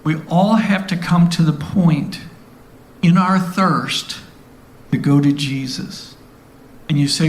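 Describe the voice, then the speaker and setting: A man's voice: on the high side, slow pace, pauses often, roomy sound. A man giving earnest, conversational Bible teaching, often asking the listeners questions. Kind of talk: sermon-style Bible teaching.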